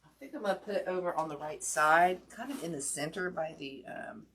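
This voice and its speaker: Lady chatting to her stream viewers while crafting, kinda low voice, bit of faint hiss behind. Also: animated, a little fast, a bit bright. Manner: chatty, talks to viewers directly, self-deprecating. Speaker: wreath-making class host. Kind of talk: casual live-stream craft demo.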